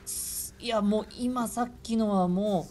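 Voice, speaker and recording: A woman game streamer giving live gameplay commentary with excitable reactions, switching between Japanese and English. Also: medium pitch, brisk, slight background noise.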